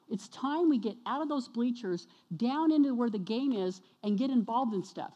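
A woman preaching a sermon to her congregation, energetic and exhorting, often questioning the listeners. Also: fairly high pitch, moderate pace, few pauses, highs cut off. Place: church sanctuary. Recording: long reverb of a church hall.

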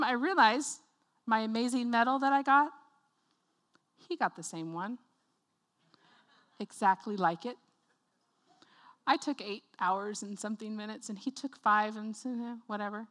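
Woman preacher, high and bright-voiced, lively storyteller in a sermon. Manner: animated storytelling, acts out voices, laughs often.

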